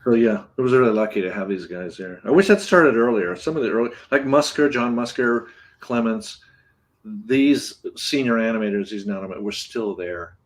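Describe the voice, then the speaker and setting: Husky-voiced man reminiscing, rambling. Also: on the low side, expressive, moderate pace. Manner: rambling, many restarts and fillers. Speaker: guest, former animator. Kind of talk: casual interview reminiscing.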